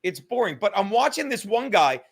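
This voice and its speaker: A young man hosting a livestream, talking in a profane, rambling, animated way. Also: sits high, fairly quick. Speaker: livestream host. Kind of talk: casual livestream rant.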